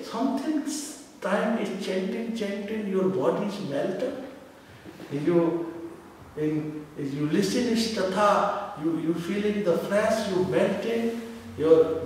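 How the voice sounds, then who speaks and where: Man preaching in a booming echoey hall. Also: far from the mic, slight background noise. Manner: halting non-native English, swells into loud chanting. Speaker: guru giving a lecture. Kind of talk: devotional sermon.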